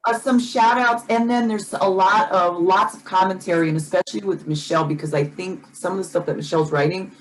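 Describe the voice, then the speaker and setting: Woman co-host, lower pitch, easygoing, reads comments aloud. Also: steady tone, brisk, few pauses, poor audio. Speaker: podcast co-host. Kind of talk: casual chat.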